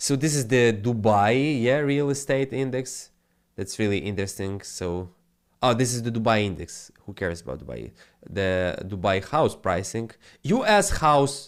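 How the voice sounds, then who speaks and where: A man from Ukraine hosting a live trading stream, talking quickly in animated, slightly broken English. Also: on the low side, clean tone. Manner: fast, animated, non-native grammar. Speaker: trading channel host. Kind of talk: live stream market commentary.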